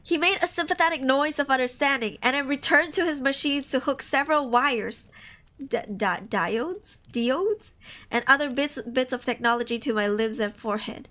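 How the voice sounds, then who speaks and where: A woman's voice: high-pitched, a little fast, pushed and bright. A woman streamer reading horror stories aloud on a live stream, casual and emotional, reacting between passages. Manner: casual, swears often.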